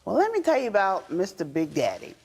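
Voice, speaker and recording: A woman testifying as a litigant in a televised courtroom, telling her story in an animated way and acting out what she said. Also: mid-range voice, fairly quick, creaky.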